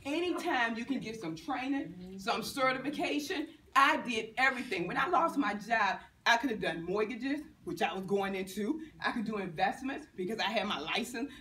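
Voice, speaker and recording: Middle-aged woman banker from virginia giving a pep talk to a class, laughs a lot, kinda high voice, echoey room, mic far off. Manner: lively, laughing, acts out quotes. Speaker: banker and guest speaker. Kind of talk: motivational talk to students. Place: university lecture room. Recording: echoey room, distant mic, faint noise.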